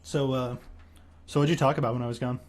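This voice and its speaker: A young man hosting a livestream in casual chat, teasing his guest with quick questions and mock lectures. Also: medium pitch, fairly even intonation, a little mellow. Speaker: streamer host.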